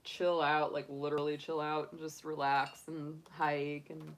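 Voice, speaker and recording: A woman's voice: low voice, little pitch movement, a little slow, slight background noise. A woman in her forties, a tarot reader chatting casually on a live stream and laughing often. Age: 40s.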